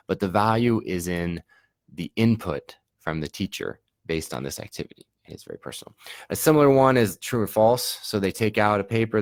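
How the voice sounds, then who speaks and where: Deep-voiced man teaching a workshop. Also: no room sound, studio quality. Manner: relaxed, conversational, acts out classroom questions. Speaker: Spanish teacher giving a workshop. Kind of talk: professional development talk.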